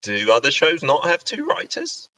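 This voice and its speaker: A man's voice: a little high, huge pitch swings, moderate pace, bright, forceful tone, no echo, rough recording. A man hosting a casual livestream, chatty and reading out viewer questions. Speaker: radio host. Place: indoor home livestream.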